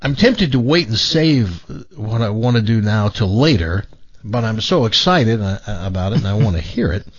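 A man hosting a radio show in casual on-air chat. He sounds excitable and stumbles through restarts. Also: fairly low pitch, moderate pace, a little hiss or hum. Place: radio studio. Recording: dull lo-fi radio broadcast.

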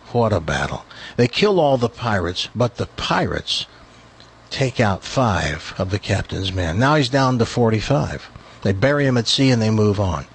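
Husky male talk show host. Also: lowish voice. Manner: animated, incredulous, repeats words. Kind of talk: casual chat and joke telling.

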